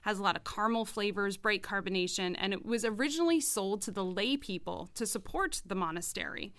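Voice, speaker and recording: A woman's voice: mid-range voice, animated, a little fast, a bit bright, no echo. A woman co-hosting a casual podcast, explaining beer styles from her notes with chatty asides. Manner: informative, reads notes with asides. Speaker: podcast co-host presenting a beer segment. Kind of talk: casual podcast chat, semi-scripted explainer.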